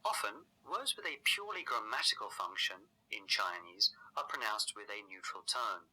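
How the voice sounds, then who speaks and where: The audio is poor as a husky-voiced male language teacher narrates a scripted lesson. He explains at a measured pace, his very bright, ringing voice moving in lively pitch swoops from point to point.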